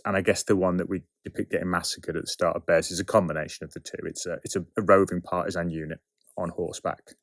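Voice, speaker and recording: A man of about forty talks through production notes in a casual, wry way, often asking himself questions and answering them. His voice sits very low. The sound is dry and close, with no room around it. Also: no echo. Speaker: writer and producer of an audio drama series. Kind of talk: behind-the-scenes production commentary.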